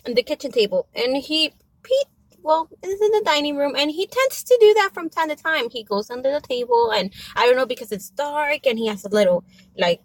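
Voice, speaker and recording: Chatty mother ranting, high voice. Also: no room sound, low-quality recording. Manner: chatty, exasperated, with quoted asides. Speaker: vlogger and mother. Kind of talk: casual storytelling rant.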